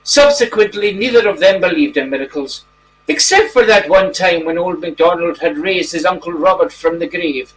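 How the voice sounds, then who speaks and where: A man playing a genteel titled gentleman reading a mock bedtime story to children in a gentle, drawn-out way. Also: sits high, lively intonation. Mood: storytelling. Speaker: storybook reader. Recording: distant mic, faint background noise.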